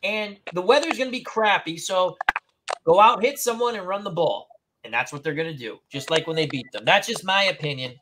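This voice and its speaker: A man's voice: sits high, expressive, fairly quick. A man hosting a casual live-stream chat, rambling and opinionated, restarting sentences often. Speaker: host. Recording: noisy home mic.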